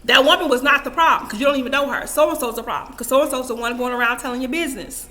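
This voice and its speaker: A woman's voice: sits high, rapid-fire, sharp tone. A young adult woman giving casual, emphatic advice to camera in a vlog, repeating her points and talking to herself. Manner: repetitive, emphatic, self-talk asides. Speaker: vlogger.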